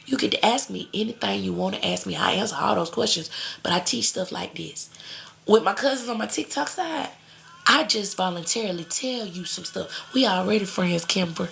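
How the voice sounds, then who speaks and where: A woman in hosts a live tarot reading, chatting warmly with her viewers. Her voice at middle pitch carries a gravelly fry. She calls everyone cousin and baby. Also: normal speed. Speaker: tarot reader on a live stream. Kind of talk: casual live-stream chat.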